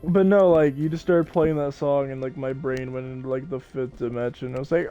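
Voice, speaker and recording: A man's voice: mid-range voice, fairly even intonation, warm tone, dull audio, faint music behind. A young man streaming a survival game, chatting casually to viewers and friends as he rambles from one joke to the next and laughs often. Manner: rambling, joking, quick to laugh. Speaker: gaming streamer. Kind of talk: casual live-stream chat while gaming.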